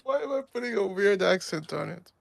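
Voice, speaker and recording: A man's voice: sits high, lively intonation, a little fast, vocal fry, no room sound. A young man streaming a game, chatting casually with a friend, joking and laughing often. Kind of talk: casual gaming chat.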